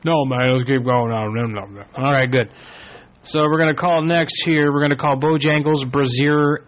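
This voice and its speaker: Brash, profane prank radio host. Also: male voice, mid-range voice, normal speed. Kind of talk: prank call radio show. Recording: dull lo-fi with faint music.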